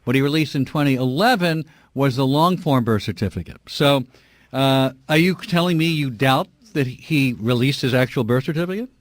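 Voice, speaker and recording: A man's voice: medium pitch, normal speed, no room sound, clean studio sound. A middle-aged man hosting a call-in radio talk show, talking in a heated, emphatic, indignant way.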